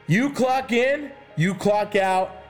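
A fitness coach with a high-pitched voice, preaching hard and swearing freely as he lectures about chasing goals. Faint music sits under his voice. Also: slow. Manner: intense, profane, preachy. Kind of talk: motivational rant to camera.

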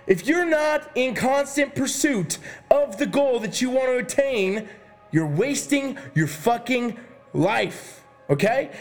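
A fitness coach with a high-pitched voice, preaching hard and swearing freely as he lectures about chasing goals. Faint music sits under his voice. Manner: intense, profane, preachy. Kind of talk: motivational rant to camera.

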